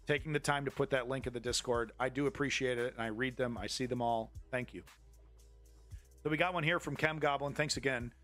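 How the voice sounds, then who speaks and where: A man's voice: mid-range voice, a bit bright. A man hosting a casual news commentary stream, opinionated, profane and rambling.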